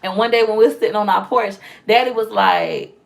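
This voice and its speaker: A woman's voice: mid-range voice, huge pitch swings, brisk. A woman, telling her life story in a candid, emphatic vlog, often acting out what others said. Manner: emphatic, repeats phrases, acts out quotes of others. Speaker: vlogger.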